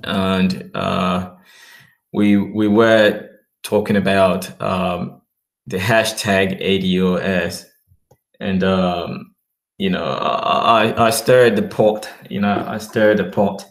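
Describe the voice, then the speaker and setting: A man's voice: sits low, little pitch movement, takes it slowly, creaky, roomy sound. A man with a mixed Australian and British accent, rambling in a casual livestream chat as he talks to viewers.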